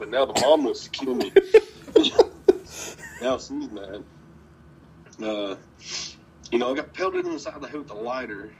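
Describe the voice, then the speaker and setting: A man's voice: mid-range voice, moderate pace, long pauses, a little hiss or hum, low-quality recording. A man telling wrestling stories in a casual interview, swearing freely and laughing often as he talks. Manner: profane, laughing, animated storytelling.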